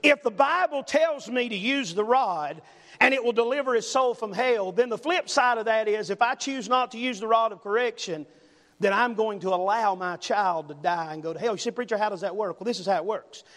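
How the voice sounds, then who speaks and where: An older pastor preaches a sermon, emphatic and repetitive, punctuating his points with "amen?" His voice is high-pitched and fairly bright, at normal speed. Recorded in a church sanctuary, it carries long reverb like a large hall.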